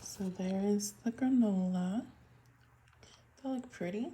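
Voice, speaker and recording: A woman's voice: mid-range voice, takes it slowly, warm tone, slight background noise. A woman in her thirties, a home cooking vlogger, chatting casually to viewers while she demonstrates a recipe in her kitchen. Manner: chatty, laughs between remarks, talks to viewers as friends.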